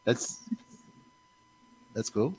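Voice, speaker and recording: A man hosting a radio show in casual chat, animated and chuckling, his loudness rising and falling. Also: very slow, a little hiss or hum, rough recording. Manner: animated, chuckling, swings loud and soft. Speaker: radio host.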